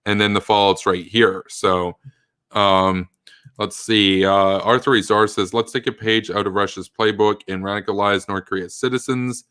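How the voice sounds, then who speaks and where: Blunt low-voiced commentator. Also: male voice, fairly even intonation, normal speed, fairly bright tone, clean tone, dry recording. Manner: blunt, emphatic, thinks aloud with restarts. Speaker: political commentator. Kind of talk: livestream commentary reading chat.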